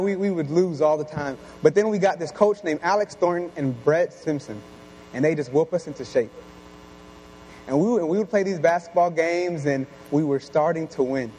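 A man's voice: high voice, darkish tone, a little hiss or hum, poor audio. A young man giving an earnest sermon, full of rhetorical questions.

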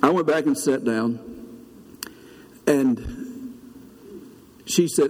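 Older pastor, hall reverb. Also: male voice, expressive, measured pace, pauses often, darkish tone, slightly rough. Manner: storytelling, earnest, rises high when preaching. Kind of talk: sermon. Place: church sanctuary. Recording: long reverb of a church hall.

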